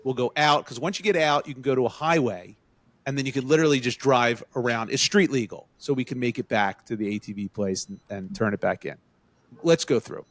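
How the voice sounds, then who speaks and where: This podcast co-host talks a little fast, recorded without echo, as he tells friends a story in casual chat. Animated throughout, he acts out what people said with rising pitch.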